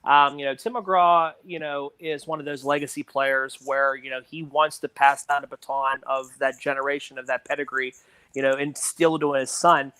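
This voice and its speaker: A man's voice: medium pitch, level tone, normal speed, bright, forceful tone, smooth, no echo. A man talking through a film as a podcast guest, rambling and leaning on "you know" fillers. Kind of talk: casual movie discussion.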